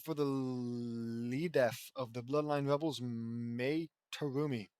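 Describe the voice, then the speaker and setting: A man's voice: mid-range voice, steady tone, takes it slowly, darkish tone, clean tone, no echo, pitched below the performer's own voice, natural voice. A man reading the lines of a stern adult male ninja in a fan fiction, in a plain, matter-of-fact way. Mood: calm.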